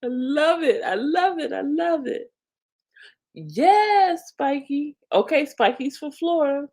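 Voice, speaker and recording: A woman hosts a live stream and chats with viewers in a slow, unhurried way. Her voice sits fairly high and swings widely in pitch. She is animated and talkative and laughs often. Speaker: livestream host.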